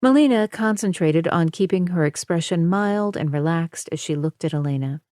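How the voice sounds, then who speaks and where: A woman narrates an audiobook with a low, slow and measured voice. Her tone is dark and mellow, and the dry studio sound has no room echo. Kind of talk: scripted narration.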